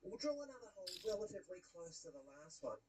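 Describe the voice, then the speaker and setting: A woman working as a leak-detection tradesperson, chatting excitably through an on-the-job video and calling her viewers mate. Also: fairly low pitch, quick pace, recorded from a distance, a little hiss or hum, poor audio. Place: indoors under a shopping centre building.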